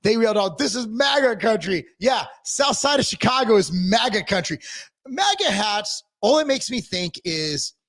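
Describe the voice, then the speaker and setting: A man ranting casually on a podcast livestream, profane and animated as he tells stories. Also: high-pitched, normal speed. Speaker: podcast co-host. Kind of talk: casual political rant.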